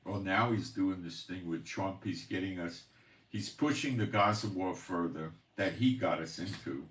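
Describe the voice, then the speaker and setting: A man's voice: low voice, normal speed, fairly bright tone, recorded from a distance. A man hosting his own channel, talking in a rambling, exasperated monologue, complaining and sighing as he goes. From Israel. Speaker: channel host, prophecy commentator. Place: home in the Galilee, Israel. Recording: roomy echo, voice off-mic.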